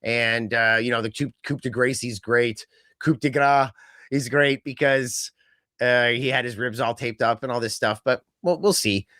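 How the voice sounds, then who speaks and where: A man's voice: medium pitch, moderate pace, pushed and bright, no room sound, clean studio sound. A man co-hosting a podcast, chatting casually in a rambling way with lots of fillers and quoted asides. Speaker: podcast co-host. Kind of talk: casual wrestling chat.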